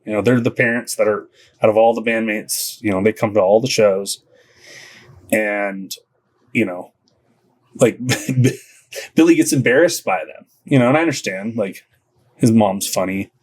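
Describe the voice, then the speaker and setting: A man's voice: lowish voice, normal speed, long pauses. A man who plays in a band, talking casually in an interview, rambling with many restarts and laughing between phrases. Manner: rambling, full of "you know" and restarts. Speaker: band musician, podcast guest.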